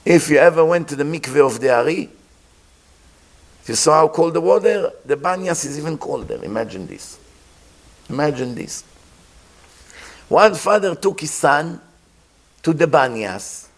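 A man giving a sermon as a rabbi, telling a story with pauses and acted-out sounds. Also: on the high side, big pitch swings.

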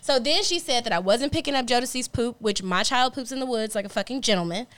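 A woman's voice: fairly high pitch, quick pace. A young adult woman co-hosting a casual comedy podcast, telling stories animatedly with plenty of profanity. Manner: animated storyteller, profane, rises sharply when retelling. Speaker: podcast co-host.

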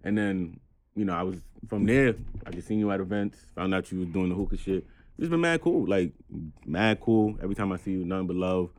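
A man's voice: sits low, a little fast, darkish tone. A man hosting a podcast, telling stories in casual chat and teasing his guests with jokes. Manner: teasing, joking storyteller. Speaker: podcast host.

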